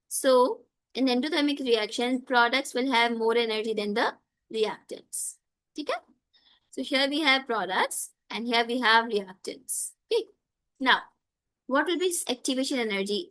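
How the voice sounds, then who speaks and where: A woman teaches a live online chemistry class. Her voice sits fairly high, and she keeps checking in with "okay?" and calls on students by name. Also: fairly bright tone.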